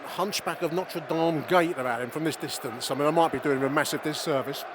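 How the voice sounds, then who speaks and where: Speaking fairly quickly in a fairly high voice, a middle-aged podcast host records casual match commentary from the outdoor stands of a football stadium. He is chatty and opinionated, swears, and talks directly to his listeners, while the noisy crowd fills the recording.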